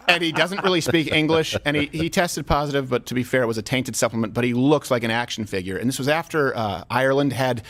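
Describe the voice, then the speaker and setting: A man hosting a podcast, telling stories in a casual, animated way and laughing often. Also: medium pitch, a little fast. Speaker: podcast host. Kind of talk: casual chat.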